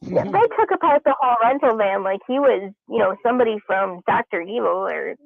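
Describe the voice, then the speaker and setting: A woman's voice: mid-range voice, lively intonation, a little fast, creaky, dry recording. A woman chatting casually over call audio, teasing and laughing often. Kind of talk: casual chat. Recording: tinny phone-like line.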